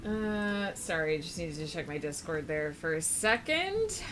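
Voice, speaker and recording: A woman's voice: fairly low pitch, very animated, unhurried, noisy background. A young adult woman chatting casually on a live stream while she writes, rambling and full of fillers.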